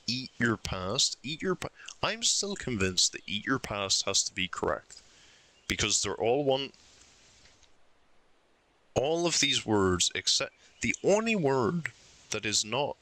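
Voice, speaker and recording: A man's voice: fairly low pitch, sharp tone. A young man streaming a puzzle game, thinking aloud and arguing his case insistently with himself. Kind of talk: live game commentary.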